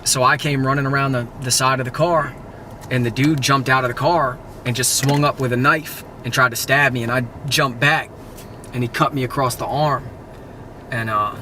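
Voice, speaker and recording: A laid-back man tells a story bluntly and swears freely. His voice is at an ordinary pitch for a man. Street and car noise comes through clearly outdoors. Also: distant mic. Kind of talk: casual storytelling.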